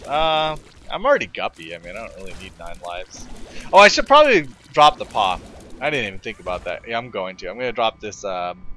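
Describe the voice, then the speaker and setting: A man's voice: medium pitch, sharp tone. A man from the United States chatting to viewers while playing a game, rambling with lots of fillers and restarts. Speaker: let's play gamer. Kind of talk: casual gameplay commentary.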